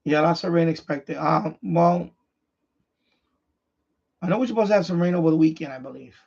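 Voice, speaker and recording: A man's voice: a little high, moderate pace, creaky, a little mellow, highs cut off. A man hosting an amateur radio livestream, chatting casually and rambling, often restarting and repeating himself. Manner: repetitive, restarts sentences often.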